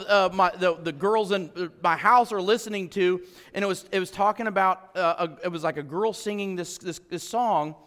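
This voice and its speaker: A middle-aged man preaches in a church, his voice pitched high and bright. He talks conversationally, dropping to quiet stretches and then building up to emphatic appeals. A long reverb from the hall trails behind every phrase. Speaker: pastor. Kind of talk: sermon.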